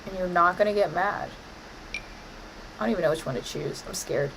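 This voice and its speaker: A woman's voice: fairly low pitch, brisk, vocal fry, a bit bright, a little hiss or hum, low-quality recording. A woman chatting casually over her gameplay, playfully scolding the game with mock-dramatic outbursts. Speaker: gaming streamer.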